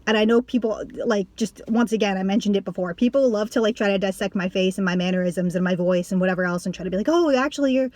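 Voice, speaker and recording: A woman YouTuber talking casually to camera, rambling, with lots of "like" and quick restarts. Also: medium pitch, level tone, a little mellow, no room sound. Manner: rambling, heavy use of "like", acts out others in a raised voice. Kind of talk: casual vlog talk to camera.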